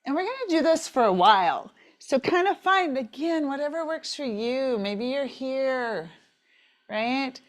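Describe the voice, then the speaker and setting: A woman teaching a yoga class while moving along with it, out of breath, encouraging and relaxed, often repeating "right?" and "maybe you're here.". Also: sits high, a little slow. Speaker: yoga instructor. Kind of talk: guided yoga class instruction.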